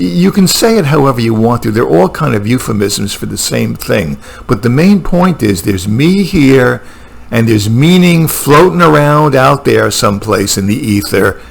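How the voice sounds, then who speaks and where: A man's voice: mid-range voice, vocal fry. A man talking alone in a room at home, musing about philosophy in a casual monologue, with many fillers and restarts. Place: room at home with a computer and a painting.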